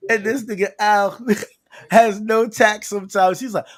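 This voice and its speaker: A man co-hosting a podcast, telling loud, laughing stories to friends and swearing freely. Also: high voice, moderate pace. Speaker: podcast co-host. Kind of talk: casual chat with friends.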